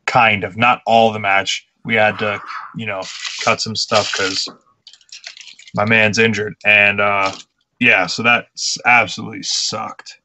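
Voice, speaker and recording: A young man with a bright, forceful voice, chatting on a casual podcast. He tells lively backstage stories about his matches and curses freely. His tone stays crisp and energetic. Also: fairly low pitch, a little slow, slight background noise. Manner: animated storyteller, swears casually. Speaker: podcast co-host, pro wrestler.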